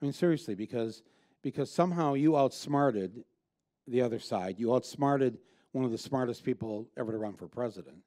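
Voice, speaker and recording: A man speaks onstage as a guest before a live audience, with an average-pitched, mellow, warm voice. His delivery is blunt and emphatic, and he often restarts his sentences. He sounds like a filmmaker in conversation rather than reading a script. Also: brisk. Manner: blunt, emphatic, profane, with frequent restarts and fillers.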